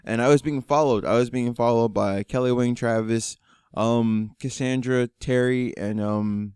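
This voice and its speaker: Young dude on a podcast, gets loud and animated acting out his story, clean dry sound. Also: medium pitch, a little slow, clean tone, dry recording. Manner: animated storyteller, acts out quotes. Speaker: podcast co-host. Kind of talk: casual chat.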